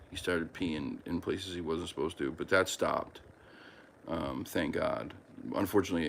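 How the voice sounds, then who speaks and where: A podcast host chats casually at home in a low, gravelly voice, rambling with lots of fillers and restarts as he talks fondly about his pets. A little hiss or hum sits in the recording.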